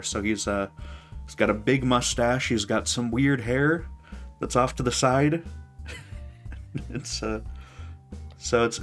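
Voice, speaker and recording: A man hosting a casual film podcast, talking loosely and laughing often. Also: mid-range voice. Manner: relaxed, rambling, laughs often. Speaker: podcast host. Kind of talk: casual chat about a film.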